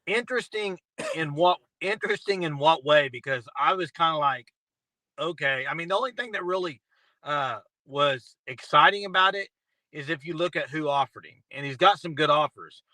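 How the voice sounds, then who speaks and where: A man's voice: on the high side, moderate pace, bright, forceful tone, no room sound, low-quality recording. A man co-hosting a sports talk show, giving blunt opinions in a casual chat. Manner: blunt, argumentative. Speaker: co-host.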